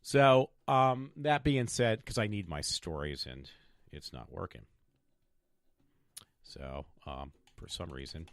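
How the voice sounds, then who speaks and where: A man's voice: sits low, slow, no echo, clean studio sound. A man in his fifties talking in a meandering, stop-start way with many fillers, hosting his own podcast. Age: 50s. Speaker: podcast host. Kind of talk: rambling personal vlog.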